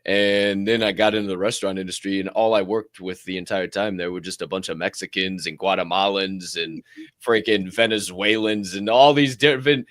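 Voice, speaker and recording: A man co-hosting a podcast in casual, animated banter, swearing freely and calling listeners his friends. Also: deep voice, fairly quick, no echo, studio quality. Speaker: podcast co-host.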